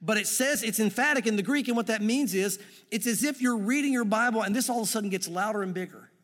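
A male pastor preaching a sermon in a church, in an animated, conversational way with frequent asides. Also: high voice, quick pace. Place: church sanctuary. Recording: long reverb of a church hall.

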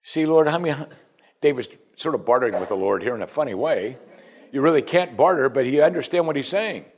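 A man's voice: a little fast, husky. A man preaching a sermon, reading scripture and acting out quoted voices in a raised, playful tone. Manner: animated, acts out quoted voices in a raised pitch. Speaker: pastor.

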